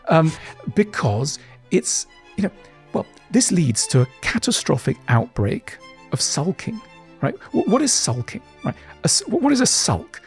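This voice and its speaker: A middle-aged man answering interview questions in an animated way, acting out little voices as he explains. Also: sits high, normal speed, soft background music. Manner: animated, acts out voices in quotes. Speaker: guest author.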